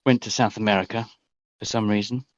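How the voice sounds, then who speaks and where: A man's voice: fairly low pitch, level tone, fairly quick, dry recording, lightly acted. A man voicing a formal computer intelligence. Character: male digital being trapped in a computer, formal. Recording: dry, slightly dull voice call.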